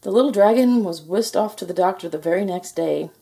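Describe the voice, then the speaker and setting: A woman reads a children's storybook aloud, lively and expressive. Her voice is mellow and soft, with a breathy edge. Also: medium pitch, a little fast. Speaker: storybook reader.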